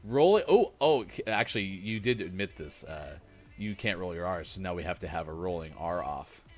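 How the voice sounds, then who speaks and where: A man's voice: low-pitched, expressive, moderate pace, faint music behind. A man hosting a morning show over voice chat, chatting casually, laughing often and poking fun at himself. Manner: giggly, self-deprecating, laughs often. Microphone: calling in over voice chat.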